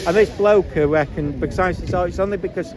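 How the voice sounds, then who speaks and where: A man's voice: high voice, a little fast, a crowd in the background. A man at an outdoor street protest, rambling through amused stories in casual chat. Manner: rambling storyteller, chatty and amused.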